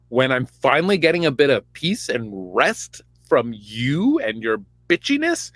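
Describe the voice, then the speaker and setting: A man's voice: on the high side, bright, forceful tone, dry recording, voice pushed up, heavily acted. A man doing a sassy scolding old prophet ghost.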